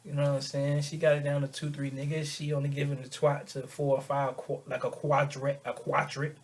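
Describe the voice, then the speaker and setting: A young man casually telling a rambling, slang-filled story in an animated way. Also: fairly high pitch, brisk.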